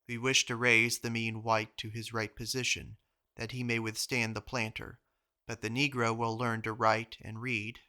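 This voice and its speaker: A man reading old journal entries aloud in a measured, even manner. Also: mid-range voice. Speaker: reader of journals. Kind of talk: audiobook reading.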